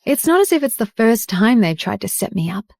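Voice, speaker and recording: A woman's voice: a little high, sing-song, a little fast, darkish tone, no echo, studio quality. A woman voicing a hurt young heroine speaking her rueful inner thoughts.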